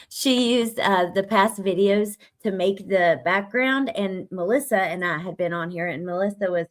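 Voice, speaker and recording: A woman's voice: medium pitch, expressive, measured pace. Casual woman hosting a livestream. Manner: laughs often, reads chat comments aloud. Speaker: livestream host. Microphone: desk microphone.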